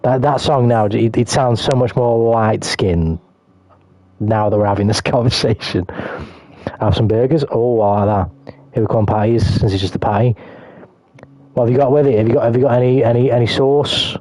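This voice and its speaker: A man's voice: mid-range voice, moderate pace, a little mellow, no room sound. A British man chatting casually while streaming a fighting game, rambling and swearing as he jokes with his chat. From Britain. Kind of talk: casual gaming stream commentary.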